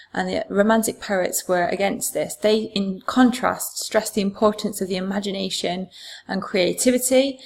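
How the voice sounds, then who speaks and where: A woman's voice: medium pitch, gravelly. A woman teacher, patiently explaining a poem for exam revision with frequent fillers. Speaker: English teacher.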